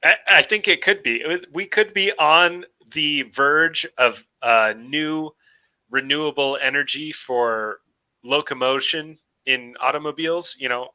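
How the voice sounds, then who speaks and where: A man's voice: on the high side, unhurried, pushed and bright. A man hosting a casual live stream chat, reading viewer comments in a joking, laid-back way. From moved to Montana from elsewhere. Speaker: host.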